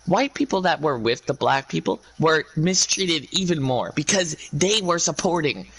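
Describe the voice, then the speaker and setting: Man ranting to his viewers; bright, sharp tone and a lively pitch; halting, rambling delivery. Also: breathy edge, low-quality recording. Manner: ranting, halting, many restarts.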